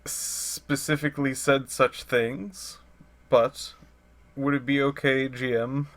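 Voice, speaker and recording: A man's voice: medium pitch, little pitch movement, takes it slowly. A man playing a tabletop game, talking hesitantly and laughing between his words. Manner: hesitant, giggly. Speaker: player.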